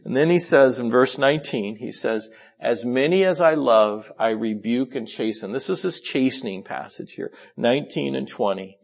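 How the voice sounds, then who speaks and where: A man preaching a sermon who drops into low, quiet asides and then rises into pleading, emphatic lines, sometimes restarting and apologizing for rushing. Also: vocal fry.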